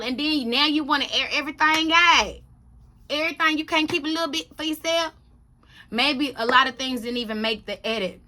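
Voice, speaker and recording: A woman's voice: high-pitched, a little fast, bright, forceful tone. A woman hosting a casual reality TV recap, blunt and sassy, repeating lines for emphasis. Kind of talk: casual opinionated chat.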